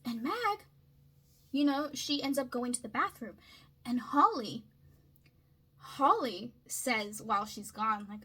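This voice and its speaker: A woman breaks down a story in an easy, conversational way, often pausing to check in with her listener. Her voice sits a little high and has a sharp, bright tone. It is also breathy and a bit husky. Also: low-quality recording. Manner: chatty, frequent checks like "right?" and "okay?". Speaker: video essayist. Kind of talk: casual literary analysis.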